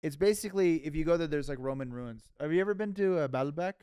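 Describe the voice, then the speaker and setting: A man's voice: on the high side, fast talker, warm tone, smooth, no room sound, lo-fi sound. Blunt teasing man on a podcast. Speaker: podcast co-host. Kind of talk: casual podcast chat.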